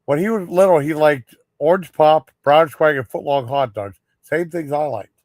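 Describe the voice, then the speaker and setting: A man's voice: on the high side, moderate pace, a little mellow, no room sound. A man telling a rambling story on a live stream, frustrated and cursing freely as he goes. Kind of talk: casual storytelling chat.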